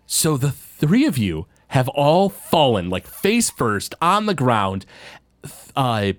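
Lively male game master. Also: mid-range voice, slow. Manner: rambling, filler-heavy narration. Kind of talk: narrating a tabletop game.

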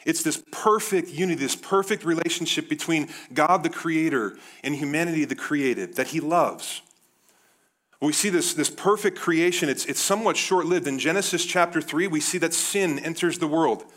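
Animated man preaching a sermon. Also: a little high, normal speed. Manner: animated, addresses the crowd as guys. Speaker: pastor.

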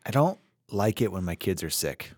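A man in his thirties, co-hosting a podcast in casual chat, animated and laughing, slipping into other voices as he tells stories. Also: sits low, moderate pace, dry recording, clean studio sound. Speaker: podcast co-host.

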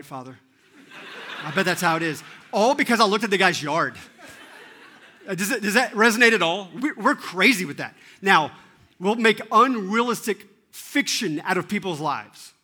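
A man in his thirties giving an animated, self-deprecating sermon and often asking the audience questions. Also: high voice, moderate pace. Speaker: teaching pastor.

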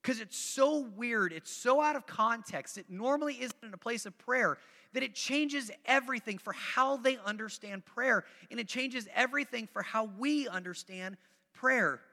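A male pastor with a high voice delivers a sermon, chatty and repetitive, often doubling back on his phrases and urging the congregation to follow along. His bright, forceful tone carries through a big room with a long, ringing reverb. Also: normal speed, gravelly. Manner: conversational, repeats phrases for emphasis; coaxes the congregation to join in.

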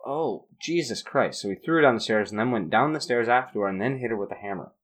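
A woman's voice: very deep voice, lively intonation, fast. A woman co-hosting a casual true-crime podcast, reacting with wry remarks and joking asides.

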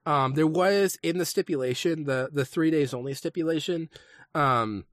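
A man's voice: on the high side, normal speed, fairly bright tone, no echo, clean studio sound. Chatty man rambling with lots of ums. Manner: rambling, hesitant, full of ums. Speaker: podcast co-host. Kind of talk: casual chat retelling a saga.

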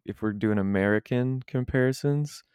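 A young man chatting casually as podcast co-host, animated and rambling, laughing often. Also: mid-range voice, normal speed, clean tone, dry recording, studio quality. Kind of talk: casual chat.

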